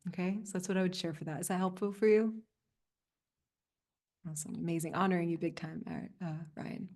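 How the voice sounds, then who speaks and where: A woman in her thirties coaching a group over a video call, earnest and soft-spoken, with frequent fillers and little laughs. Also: lowish voice, steady tone, brisk. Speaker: spiritual coach leading a group session. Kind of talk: live community coaching session.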